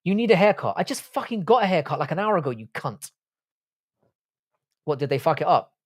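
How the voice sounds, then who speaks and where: This young man from England, with an English accent, hosts a livestream, reading viewer comments and chatting bluntly with plenty of swearing. His pitch is fairly high with big swings, and he talks a little fast.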